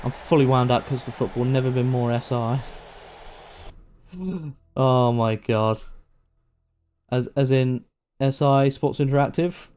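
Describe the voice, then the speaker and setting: A man with a mid-range, slightly mellow voice does casual, sweary live-stream commentary on a football management game. He talks a little slowly with frequent pauses, addressing the on-screen players and launching into rants.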